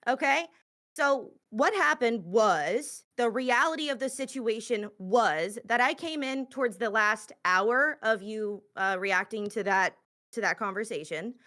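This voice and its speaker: A woman's voice: a little high, a little slow, sharp tone. A woman joining a call, firmly insisting on speaking for herself. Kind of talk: heated online argument.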